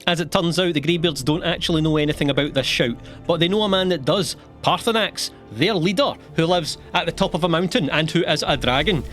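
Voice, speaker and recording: A young man narrating a comedic video game summary, sarcastic and animated, swearing casually and laughing between lines. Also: a little high, a little fast, few pauses, faint music behind.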